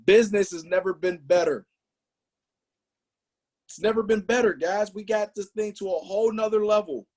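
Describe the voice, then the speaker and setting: A man's voice: sits high, moderate pace, long pauses, darkish tone. A man giving an emphatic, motivational sales presentation on a business call, talking straight to his audience. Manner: hyped, emphatic, talks to the audience directly.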